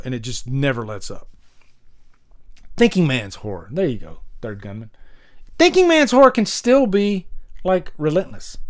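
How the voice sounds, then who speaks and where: A man hosting a casual live horror movie stream, talking animatedly, swearing freely and answering chat. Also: a little high.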